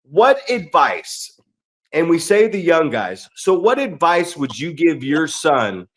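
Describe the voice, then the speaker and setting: Slightly high-voiced middle-aged wrestler host. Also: male voice, very animated, slow. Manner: profane, storytelling, asks questions. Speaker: podcast host and veteran wrestler. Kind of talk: casual podcast chat.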